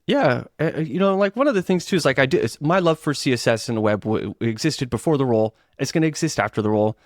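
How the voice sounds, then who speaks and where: A middle-aged man co-hosting a podcast in casual chat, telling stories and acting out quoted lines with big jumps in pitch. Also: lively intonation, quick pace, dry recording, clean studio sound. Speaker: guest co-host, web developer.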